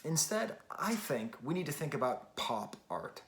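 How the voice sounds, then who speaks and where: A man's voice: on the high side, sing-song, unhurried. Man musing through a record review. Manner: thinking aloud, with frequent restarts and filler. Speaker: music reviewer. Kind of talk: casual spoken record review.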